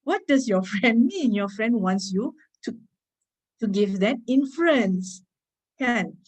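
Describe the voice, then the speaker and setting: A woman with a Malaysian English accent giving an informal reading-skills lecture, chatty, asking her listeners quick tag questions and laughing lightly between points. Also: a little high, lively intonation, poor audio. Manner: chatty, code-switching, asks rhetorical tag questions. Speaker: reading workshop speaker.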